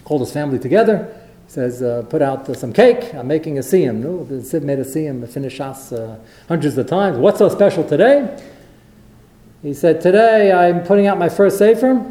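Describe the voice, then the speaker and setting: A man delivering a Torah lecture, telling stories with animated, acted-out quotes. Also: a little high. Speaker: rabbi. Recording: roomy echo.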